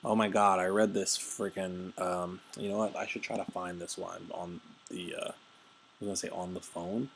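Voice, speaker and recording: Brief: casual game commentator, male, very low gravelly voice, rambling and jokey. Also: flat delivery, moderate pace, slight background noise. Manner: rambling, jokey, many fillers and asides.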